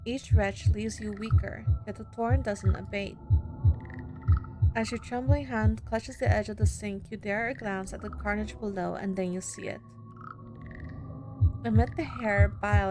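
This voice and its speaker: A woman streamer reading horror game text aloud, slow and dramatic with long pauses. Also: medium pitch. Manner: reads slowly with drawn-out pauses, then shouts angrily at the character.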